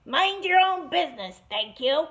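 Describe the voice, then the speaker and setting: A woman voicing a cocky, carefree little male pig in a storybook reading, talking in a perky, high voice, on a muffled lo-fi recording. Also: lively intonation, a little slow. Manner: perky, higher and brighter than the narration.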